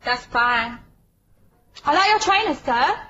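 A woman's voice: sits high, expressive, slow pace, slight background noise, heavily acted. A mouthy teenage schoolgirl. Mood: taunting. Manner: taunting, relentless, laughing. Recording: lo-fi clip with loud audience laughter. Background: studio audience laughing.

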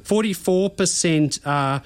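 An easygoing man co-hosting a radio show, chatting loosely and laughing a lot. His voice sits a touch higher than most men's. He walks through survey numbers in a relaxed way. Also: takes it slowly, no echo. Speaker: radio co-host. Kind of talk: casual chat.

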